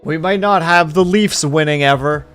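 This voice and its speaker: A man's voice: a little high, moderate pace, fairly bright tone, smooth, soft background music. A man streaming live, chatting casually and rambling to his chat.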